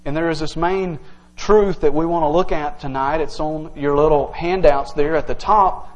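A man's voice: on the high side, fairly even intonation, normal speed, low-quality recording. A male pastor preaching an earnest, emphatic evening sermon to his congregation, teaching verse by verse.

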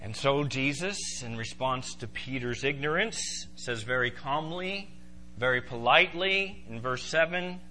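A man preaching a sermon to a congregation, emphatic and animated. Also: mid-range voice, a little slow, a little hiss or hum. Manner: emphatic, rising to loud exclaiming in voiced quotes. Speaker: pastor.

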